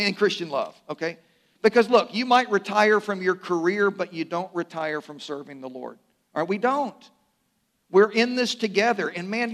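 An older pastor with a high-pitched voice preaches a conversational sermon sprinkled with humorous asides. At times he drops to a soft, slow delivery to emphasize key phrases.

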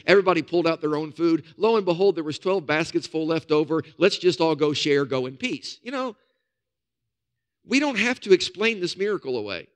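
A man, a pastor, preaching a sermon with folksy storytelling and casual asides. He drops to soft, low emphasis on key points.

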